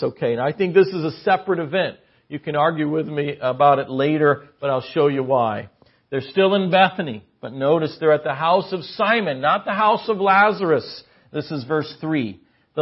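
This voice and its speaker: A man preaching a conversational sermon in church, animated, swinging between loud exclamations and hushed asides. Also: on the high side, breathy edge. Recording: dull lo-fi audio.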